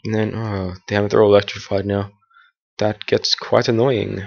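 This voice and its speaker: A teenage boy talks over his gameplay in a rambling, casual way, full of fillers and restarts. His voice sits a little low, and he now and then snaps at the game in annoyance. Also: level tone, moderate pace, creaky, highs cut off. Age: teens. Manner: erupts in annoyed outbursts at the game. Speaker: gameplay commentator.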